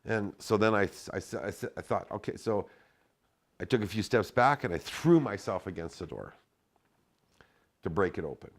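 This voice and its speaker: A story comes from a middle-aged man with a somewhat low voice, who talks casually at a moderate pace with long pauses, cursing freely and acting out the lines in a louder, animated voice. A slight hiss or hum runs under the recording.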